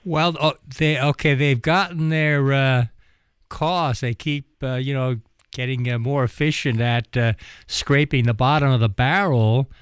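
A man with a smooth, clear mid-pitched voice, recorded close and dry. He asks his questions in a searching way, with plenty of fillers. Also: fairly even intonation, measured pace, no echo. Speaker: radio host. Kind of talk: radio interview.

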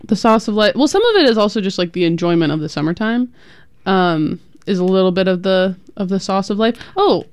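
A woman co-hosting a community radio show, with easy, chatty banter that keeps breaking into giggles. Her voice sits at a middle pitch. The studio sound is dry and close. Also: expressive, a little fast, a little mellow, clean tone, dry recording. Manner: chatty, giggly, reads out phone number and donation link. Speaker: radio co-host. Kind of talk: casual on-air chat.

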